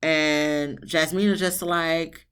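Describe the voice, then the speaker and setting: A reviewer recapping a reality show episode in a blunt, sassy, casual way, swearing freely and jumping into high, exasperated tones. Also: level tone, slow pace, fairly bright tone, clean tone. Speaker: TV show reviewer, channel host.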